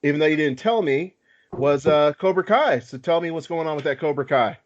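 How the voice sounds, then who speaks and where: Slightly high-voiced and a little fast, a man hosts a relaxed podcast conversation, poking fun at himself and leaning on filler words. The recording is lo-fi and a bit dull.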